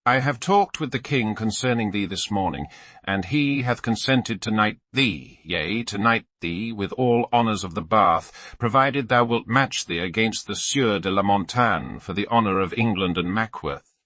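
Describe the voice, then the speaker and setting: A man voicing a stately older male earl who speaks in measured, formal old-fashioned phrases. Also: lowish voice, animated, sharp tone, dry recording. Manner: measured, formal archaic speech.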